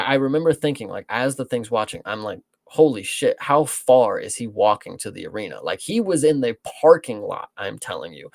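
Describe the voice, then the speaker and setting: A man's voice: medium pitch, no room sound, studio quality. A man co-hosting a casual show breaking down fights, rambling and swearing freely. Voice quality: gravelly, profane, rambling. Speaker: co-host.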